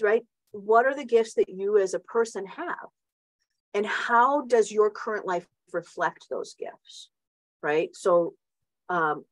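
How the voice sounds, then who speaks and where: A woman's voice: on the low side, no room sound, poor audio. Middle-aged woman giving a motivational talk, rambly and chatty, keeps asking right?, very dry close mic. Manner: chatty, many restarts and tag questions. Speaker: host.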